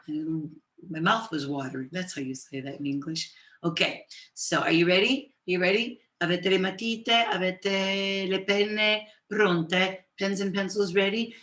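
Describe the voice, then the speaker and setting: A woman teaching Italian on a live stream, switching between Italian and English, greeting viewers and dictating phrases slowly. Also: on the low side, a bit bright. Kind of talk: live-streamed language lesson. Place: home office with computers.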